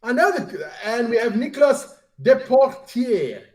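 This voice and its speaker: A man with a very high voice, joking at his own expense and tripping over names as he reads them. He sits well back from the microphone, and the room adds a roomy echo. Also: big pitch swings, measured pace, darkish tone, distant mic. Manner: self-deprecating, stumbles over names. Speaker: podcast co-host. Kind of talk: casual chat.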